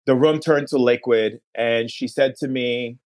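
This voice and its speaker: A man, a podcast guest, telling a long personal story in an earnest way, slowing down at key moments and restarting phrases. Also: medium pitch, fairly even intonation, a little mellow.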